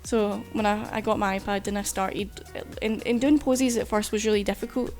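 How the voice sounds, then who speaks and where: A woman's voice: medium pitch, steady tone, moderate pace, a little mellow, soft background music. A woman artist chatting casually while streaming, rambling and swearing freely. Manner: chatty, loose, swears casually, frequent fillers. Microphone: desk mic while streaming.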